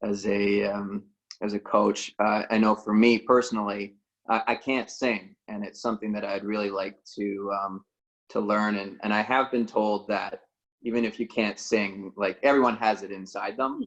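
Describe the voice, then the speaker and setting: A man's voice: lowish voice, flat delivery, moderate pace, fairly bright tone, highs cut off. A man actor on a panel video call, speaking hesitantly with many "uh"s. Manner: hesitant, lots of uh.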